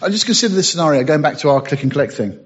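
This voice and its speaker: A man's voice: on the high side, expressive, very fast, slightly rough, muffled recording. A man preaching a sermon, reading scripture aloud and rising to emphatic bursts.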